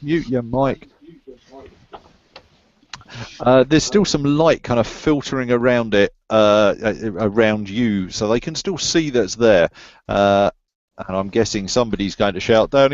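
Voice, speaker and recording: A man's voice: medium pitch, dry recording. A man in the middle of his range, narrating a tabletop game as its master. He halts and restarts his phrases, repeats his words and laughs between them. His voice comes over a muffled, lo-fi call line. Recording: dull lo-fi online call audio.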